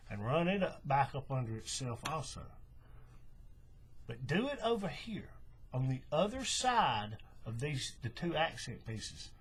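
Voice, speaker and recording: A man's voice: medium pitch, fairly bright tone, slightly rough. A man giving a casual, chatty craft demonstration, often checking in with "right?" and correcting himself as he goes. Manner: chatty, repeats "right?" and "okay", restarts and self-corrections. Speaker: paracord bracelet instructor.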